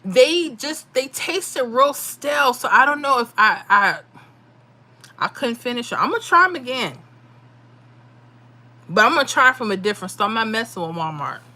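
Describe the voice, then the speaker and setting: Bright-voiced chatty woman livestream host. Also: a little high, sing-song, normal speed, pauses often. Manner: chatty, laughs often, Southern-style speech. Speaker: livestream host reading chat. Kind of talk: casual live chat with viewers.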